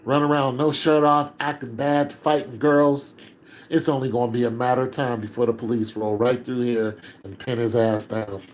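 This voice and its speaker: An older man speaking in a heated, emotional monologue, climbing close to shouting as he grows upset and sinking low and weary when he gives up. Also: steady tone, normal speed, rough recording. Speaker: commentator.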